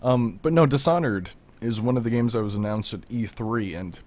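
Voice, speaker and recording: A teenage guy hosting a casual gaming podcast with a fairly low voice. He rambles, restarts his sentences and laughs his way through the chat. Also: a little fast, darkish tone. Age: teens. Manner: rambling, laughs often, eats while talking. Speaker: podcast host.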